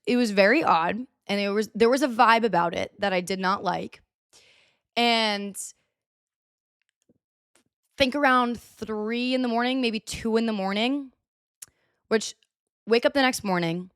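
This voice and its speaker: A young woman hosting a podcast, telling a story in a chatty, animated way with lots of filler words. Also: medium pitch, no room sound, clean studio sound. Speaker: podcast host. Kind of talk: casual storytelling monologue. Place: US (Texas area).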